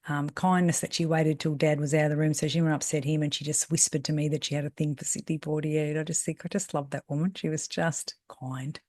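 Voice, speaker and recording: A woman's voice: low-pitched, a little mellow, dry recording, studio quality. A woman, a salon mentor telling personal stories in a rambling, chatty way. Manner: chatty, rambling, with fillers and self-corrections; acts out voices in quoted speech. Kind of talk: casual storytelling monologue.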